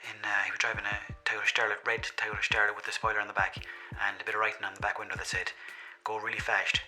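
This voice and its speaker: A man voices an aggrieved Irish caller phoning the police in a comedy sketch, soft and low in tone. He rambles on, swears freely and stacks up endless little details. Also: completely flat delivery, fast, soft background music, low-quality recording. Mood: aggrieved rambling. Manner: long-winded, swearing, piles up details.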